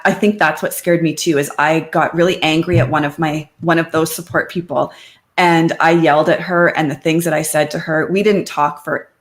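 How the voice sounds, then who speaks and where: A middle-aged woman, a podcast guest, speaking openly and conversationally about her life. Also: lowish voice. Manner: open and conversational, quotes friends in lively voices. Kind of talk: candid personal interview.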